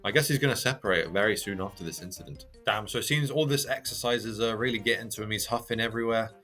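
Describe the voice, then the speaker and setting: A man's voice: on the low side, fast talker, pushed and bright, faint music behind. A man hosting a reaction channel, reading a manga aloud and commenting in a chatty, hesitant way. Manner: chatty, hesitant with many fillers.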